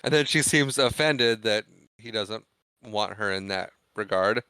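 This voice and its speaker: A man's voice: lowish voice, sharp tone, smooth, no echo. A man co-hosting a podcast, recapping a film scene by scene in a rambling, casual way and acting out lines of dialogue. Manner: rambling recap with quick acted-out quotes. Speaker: podcast co-host. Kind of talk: casual movie discussion.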